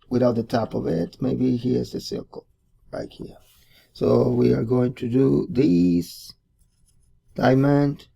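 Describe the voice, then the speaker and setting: A man's voice: mid-range voice, vocal fry, mellow. A man hosting a casual drawing tutorial, thinking aloud and repeating words as he sketches. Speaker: art tutorial host.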